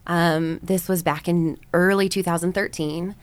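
A woman's voice: fairly low pitch, fairly even intonation, normal speed, clean tone, no echo. A woman in her thirties from the United States, a podcast guest telling her personal story with candid, reflective earnestness and frequent ums and likes.

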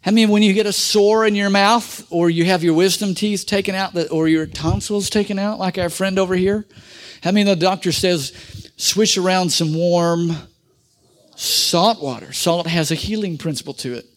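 A man with a high-pitched voice preaching to his congregation in a church. He calls for amens, has the room repeat phrases after him, and mixes in jokes and rhetorical questions. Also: normal speed. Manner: lively call-and-response preaching, prompts congregation to repeat; humorous asides and rhetorical questions. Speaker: pastor. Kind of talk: sermon. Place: church sanctuary.

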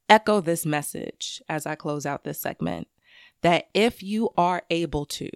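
A woman giving an intense personal monologue to camera, swearing freely and swinging between loud anger and quiet grief. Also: fairly low pitch, measured pace, gravelly, no room sound, studio quality. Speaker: commentator speaking to camera.

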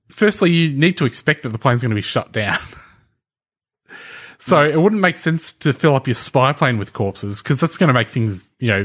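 A man's voice: mid-range voice, fairly bright tone. A man explaining things in casual podcast chat. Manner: explanatory, thinking aloud with frequent restarts and light laughter. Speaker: podcast co-host presenting the research.

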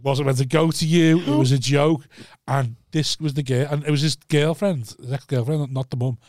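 A man in his thirties with a Liverpool accent, a comedian telling a story in casual podcast chat, animated, acting out voices and swearing freely. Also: mid-range voice, normal speed, dry recording, studio quality.

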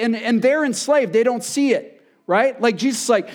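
A man preaching a sermon as pastor, earnest, repeating phrases and dropping soft for emphasis. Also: extremely high pitch, brisk.

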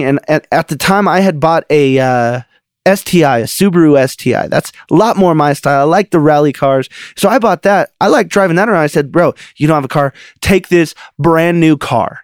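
A middle-aged man with a fairly high voice tells a personal story on his podcast, lively and quick to laugh. The sound is dry and close, with no room around it. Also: no echo. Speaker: podcast host.

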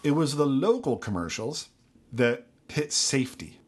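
Husky-voiced man co-hosting a podcast. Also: mid-range voice, sing-song, a little slow. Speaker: podcast co-host. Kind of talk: casual chat.

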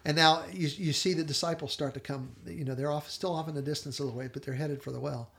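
A man co-hosting a podcast, casually retelling a TV episode in earnest storyteller fashion and quoting its dialogue softly. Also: on the high side, steady tone, fast talker, vocal fry. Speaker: podcast co-host.

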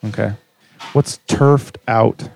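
A man with a gravelly, rough edge to his voice asks question after question in an easy, casual chat. His tone sits low and mellow, curious and relaxed as he works through a list. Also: slow pace, faint music behind. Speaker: host.

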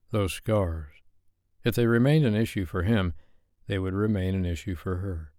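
Deep-voiced male audiobook narrator. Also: no echo, studio quality. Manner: measured, even storytelling.

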